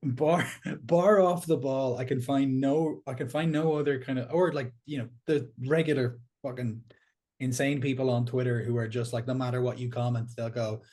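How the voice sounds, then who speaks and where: An Irish man talking in a casual podcast chat, ranting in an animated, sweary way and laughing as he goes. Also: medium pitch, normal speed.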